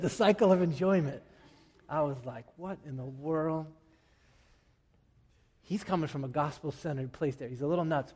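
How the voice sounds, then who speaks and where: A man preaching a lively sermon in a large hall with a long reverb. His voice sits a little higher than most men's. He jokes with the crowd and swings from loud shouts to hushed asides. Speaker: pastor.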